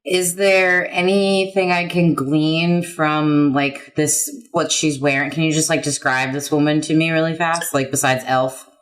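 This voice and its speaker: A tabletop player speaks slowly and haltingly, with lots of fillers. The talk is casual. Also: mid-range voice, steady tone, fairly bright tone.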